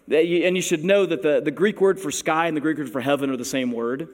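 A man's voice: on the high side, quick pace, few pauses. A man preaching a sermon in a conversational, wry manner with playful emphasis. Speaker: pastor. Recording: long hall reverb.

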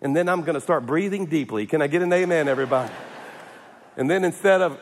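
Higher-voiced male pastor, casual and humorous sermon, often restarting, echo from the hall. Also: expressive, quick pace, slight background noise. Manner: humorous, repeats and restarts, calls for amens. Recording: echoey hall.

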